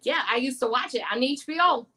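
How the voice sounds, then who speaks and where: A woman in her forties, a podcast guest telling childhood stories in a chatty, animated way. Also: high voice, a little fast. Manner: chatty, animated storyteller, many "like" fillers. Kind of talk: casual chat.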